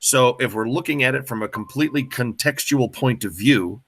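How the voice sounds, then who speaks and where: A man's voice: mid-range voice, brisk, a bit bright, breathy edge. A man tutoring classmates, patiently walking them through a history question by prompting them with questions. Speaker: student tutor. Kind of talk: explaining a history essay question.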